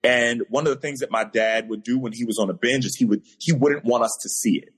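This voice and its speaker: A man with a husky, slightly breathy voice speaks as a guest over a video call. He tells a personal story earnestly, his emotion building as he relives it. His pitch sits in the middle for a man. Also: fairly quick. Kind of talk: personal storytelling in a podcast interview.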